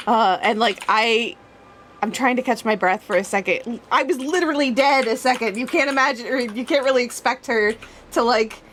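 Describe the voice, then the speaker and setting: A woman's voice: fairly high pitch, moderate pace, long pauses, a bit bright, slight background noise. A woman playing a tabletop game, playful and joking, laughing often. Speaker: player.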